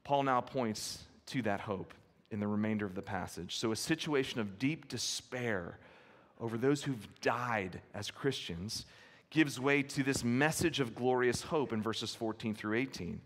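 A man's voice: medium pitch, measured pace, fairly bright tone. A male pastor delivers an expository sermon in an earnest, emphatic way. He retells stories with feeling and repeats key phrases. His mid-range voice rings out with a long reverb, as in a church sanctuary.

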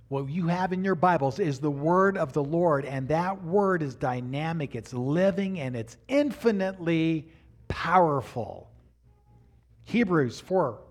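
A middle-aged man preaching a sermon to a congregation, talking straight to them and building to near shouts at the peaks. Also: on the high side. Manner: addresses the congregation directly. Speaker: pastor. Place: church sanctuary before a congregation.

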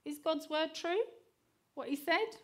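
A woman's voice: high-pitched, unhurried, pitched above the performer's own voice. A woman voicing the devil as a sly serpent, asking coaxing questions that sow doubt in a sermon retelling. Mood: insinuating.

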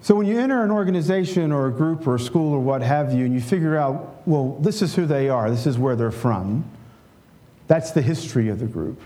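A man's voice: fairly high pitch, expressive, fairly quick, dark tone. A middle-aged male pastor giving a conversational sermon, often checking in with "right?" and leading a prayer.

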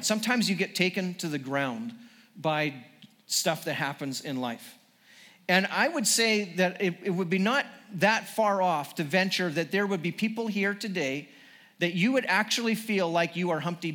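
A male pastor delivers a sermon to a congregation. His high voice carries earnest emphasis, and he often repeats and restarts his phrases. The delivery builds steadily as he drives toward each point. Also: bright, forceful tone, long reverb tail.

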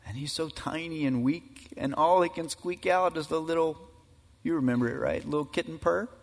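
A man preaching a sermon as pastor, emphatic and building to loud climaxes. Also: a little high, normal speed, a little hiss or hum. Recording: reverberant hall.

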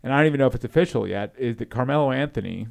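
A man's voice: mid-range voice, racing, vocal fry, darkish tone. A man co-hosting a podcast, chatting about sports, often repeating words and trailing off. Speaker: podcast co-host. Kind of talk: casual sports chat.

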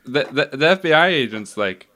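A man's voice: mid-range voice, lively intonation, moderate pace, crowd noise. A young man co-hosting a podcast, chiming in with wry, dry jokes. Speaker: podcast co-host. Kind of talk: casual movie recap chat.

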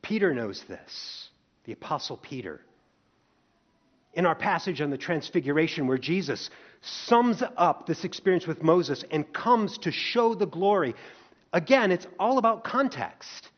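Animated male preacher, lo-fi sound. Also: on the high side, a little slow. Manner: expressive storytelling, rhetorical questions to the congregation. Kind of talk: sermon. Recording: dull lo-fi recording.

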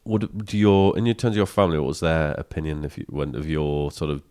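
A man hosting a casual interview, animated and swearing freely as he tells stories. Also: extremely low pitch, fairly quick. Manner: animated, swearing, laughs often. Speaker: podcast host.

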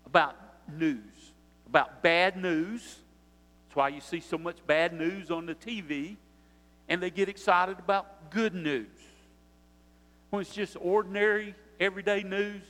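A man's voice: high voice, a bit bright, big-room sound. An older man, preaching a sermon with rising emphasis and repetition. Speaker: pastor.

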